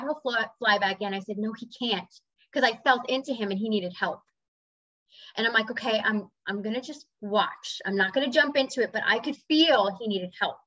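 A woman's voice: fairly high pitch, pushed and bright, dry recording. A woman sharing a personal story in a casual, earnest talk, now and then acting out voices and bird sounds. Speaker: spiritual speaker. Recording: slightly dull dry recording.

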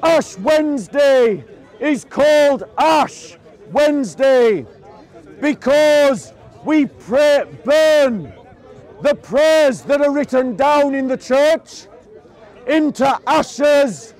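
A man preaching to a crowd in an open-air park, slow and emphatic, often raising his voice. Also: extremely high pitch, animated, darkish tone. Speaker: street preacher. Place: outdoor public park speaking spot. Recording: outdoors with a crowd murmuring.

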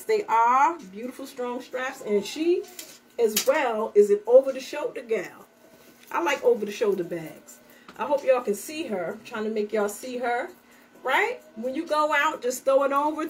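A woman's voice: high voice, far from the mic, slight background noise. A woman selling her handmade bags on a livestream, in a chatty, upbeat way and talking straight to her viewers. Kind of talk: casual live sales pitch.

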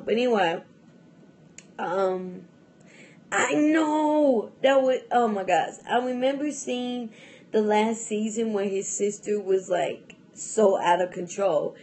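Slow, rambling young woman chatting. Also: medium pitch, lively intonation, a little mellow, a little hiss or hum. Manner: rambling, chatty, with many fillers and restarts. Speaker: vlogger. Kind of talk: casual chat to camera.

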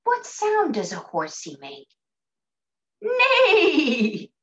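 A woman teaching an early childhood music class, gentle and sing-song, with hushed asides. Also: fairly high pitch, very animated, unhurried. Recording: dull lo-fi sound.

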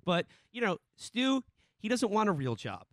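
A man's voice: sits high, huge pitch swings, moderate pace, no echo. A man co-hosting a podcast, recapping a film in casual chat with many restarts and fillers. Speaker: podcast co-host.

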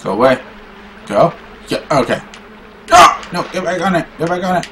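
A young man playing a video game and commenting as he goes, swearing a lot and swinging from low muttering to shouting in frustration. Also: very animated, normal speed, heavy background noise. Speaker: gaming YouTuber. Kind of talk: raging gameplay commentary.

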